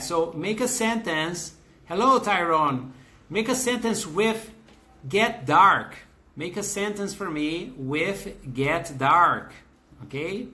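A Brazilian man in his fifties with a Brazilian Portuguese accent teaches a live online English class. His voice sits a little high and rings very bright and forceful. He greets viewers by name and reads out their comments, often pausing on fillers and restarting his sentences.

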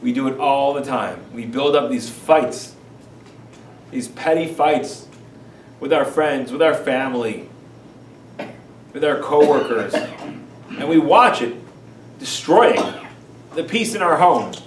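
A man teaching as a rabbi in an animated, emphatic lecture full of rhetorical questions. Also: mid-range voice, slow pace, long pauses, slight background noise. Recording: echoey room, far from mic.

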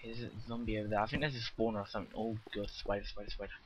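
A man's voice: lowish voice, fairly even intonation, very fast, breathy edge. A British man giving casual, rambling commentary on his game, chatting to viewers and joking at his own expense. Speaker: let's play gamer. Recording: slightly muffled with faint hiss.

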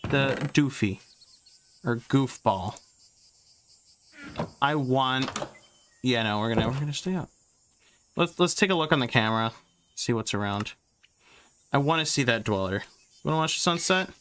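A young man giving casual gameplay commentary as he sorts items and talks to himself, trailing off into fillers, and he gets loud and excitable once a fight starts. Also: medium pitch, unhurried, pauses often, a little hiss or hum. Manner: excitable, yells taunts when a fight starts. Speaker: gaming YouTuber.

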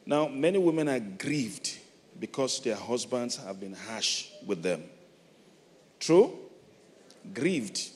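A middle-aged Nigerian man preaching a sermon, moving from soft, reflective storytelling to loud, emphatic calls. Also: medium pitch, very animated, takes it slowly, long pauses. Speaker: pastor. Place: large church hall. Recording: long hall reverb, faint noise.

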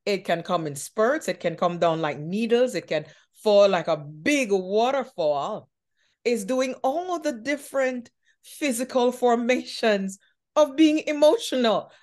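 A woman hosting an interview, talking in a slow, thoughtful way with drawn-out phrasing. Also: on the high side, animated, a little mellow. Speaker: podcast host. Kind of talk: reflective conversational interview.

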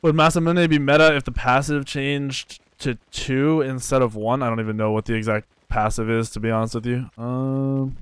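A young man streaming a game live, commenting excitedly, swearing, trash-talking and thanking viewers from chat. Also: medium pitch, normal speed, hardly any pauses, clear, resonant tone, no echo. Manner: reads out chat and thanks donors.

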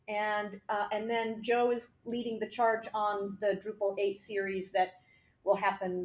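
A woman's voice: medium pitch, flat delivery, unhurried, low-quality recording. A woman delivering a staff report to a board, talking loosely with plenty of fillers and false starts. Her voice sits in an ordinary middle range and she laughs easily along the way. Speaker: staff member giving an update.

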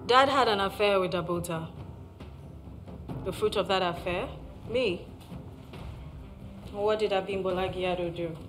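A Nigerian actress playing a betrayed daughter who speaks with cold, cutting sarcasm in a TV drama. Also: female voice, medium pitch, measured pace, pauses often, a bit bright, soft background music, lightly acted. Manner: bitter and sarcastic. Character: bitter, cutting young woman, a betrayed daughter. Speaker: estranged adult daughter in a family drama. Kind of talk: TV drama acting.

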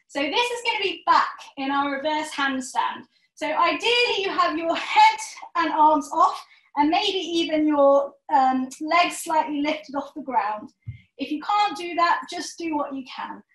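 High-voiced woman guiding a yoga class. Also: a bit bright. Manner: encouraging, calls out poses in quick rounds. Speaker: yoga instructor. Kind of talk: guided yoga class instruction. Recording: echoey room, voice from a distance.

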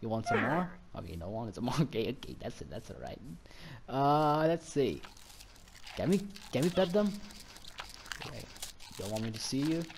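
A man giving casual, excitable commentary while playing a game, easily delighted and chatting to the animals he meets. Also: medium pitch, brisk, vocal fry, background noise. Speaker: gaming channel host. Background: background music.

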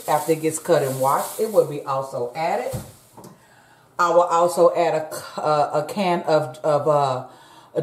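Low slow-talking woman cooking in her kitchen, roomy echo, chatty with y'all. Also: a little mellow, a little hiss or hum. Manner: chatty, talks straight to viewers as "y'all". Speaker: cooking channel host. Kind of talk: casual cooking vlog chat. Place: home kitchen.

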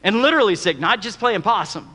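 A man preaching with a strikingly high, bright, forceful voice and a joking storyteller's delivery. His words ring out with a long reverb, as in a church hall. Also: lively intonation, quick pace. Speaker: pastor. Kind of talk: sermon.

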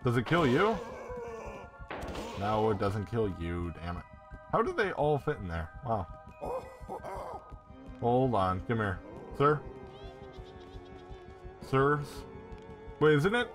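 Excitable, swearing male gamer. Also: mid-range voice, slow, pauses often, music in the background. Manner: excitable and profane, swears often. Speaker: gameplay commentator. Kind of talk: casual gameplay commentary.

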